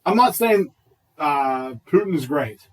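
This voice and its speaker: Rambling husky man, heard from off-mic. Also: fairly high pitch, expressive, slow pace, recorded from a distance, low-quality recording. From United States. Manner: rambling, swears and apologizes, gets worked up. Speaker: podcast co-host. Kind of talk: casual chat.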